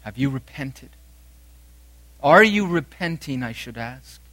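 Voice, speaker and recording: Forceful, emphatic male preacher. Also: expressive, slow, dry recording. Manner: dramatic swings from loud emphatic declarations to quiet low phrases. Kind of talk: sermon.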